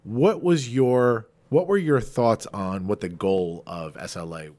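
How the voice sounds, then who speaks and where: A man's voice: fairly low pitch, a little slow, a little mellow. A man hosting a casual podcast interview, chatty and curious, often restarting his sentences. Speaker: podcast host.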